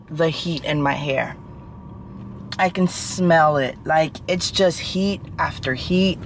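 A woman's voice: low-pitched, slight background noise. A young woman vlogging from her car, venting with sighs about a bad salon visit. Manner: frustrated venting, sighing. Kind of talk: casual vlog talk to camera.

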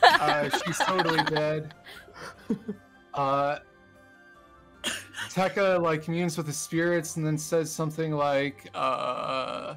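A man talks his group through a recap of their last tabletop game session, rambling and poking fun at himself. His voice sits a little high. Faint music plays beneath him. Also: fairly even intonation, slow pace, long pauses, bright, forceful tone. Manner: rambling, self-deprecating, laughs through his lines. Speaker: player giving the session recap.

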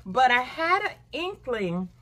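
A woman's voice: sits high, very animated, takes it slowly, bright, forceful tone. An older woman casually chatting to her viewers about her shopping haul, talking straight to them and squealing with delight. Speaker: haul vlogger.

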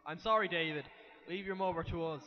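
A man reading aloud as a calm, firm hospital nurse, raised higher than his own voice. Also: fairly quick, highs cut off, natural voice.

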